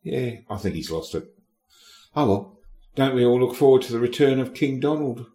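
A man's voice: mid-range voice, animated, moderate pace, dark tone, reverberant. A man hosting a casual history podcast, sardonic and irreverent, swearing freely and talking straight to the listener. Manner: addresses the listener directly. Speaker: podcast host.

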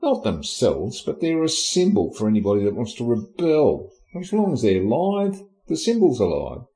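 A man's voice: mid-range voice, huge pitch swings, moderate pace, dark tone, low-quality recording. A man narrating history in an irreverent, comic way, cheeky and sweary with lots of slang.

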